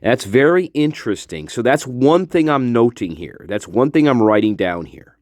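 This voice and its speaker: A man giving a deliberate, analytical commentary and repeating his points for emphasis. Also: medium pitch, lively intonation, darkish tone, no echo, studio quality.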